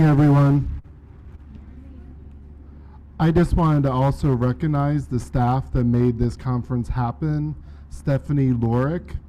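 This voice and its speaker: A man at a conference podium reads out acknowledgments in a measured, careful way. His voice is warm and relaxed. Faint background noise runs under it. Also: mid-range voice, muffled recording. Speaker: conference presenter. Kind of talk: formal acknowledgments. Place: conference room.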